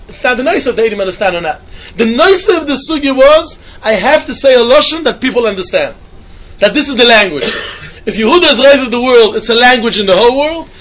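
A man teaches a Talmud lesson in yeshiva style. His voice sits very high and he talks at a rapid clip. He slips into a sing-song study chant as he explains the text. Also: fairly bright tone. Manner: quick sing-song study chant, mixing English with Hebrew and Yiddish.

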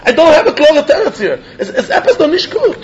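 A man teaching a Talmud lesson, reasoning aloud in an animated way, often chuckling and repeating words. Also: very high-pitched, fairly quick. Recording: dull lo-fi recording.

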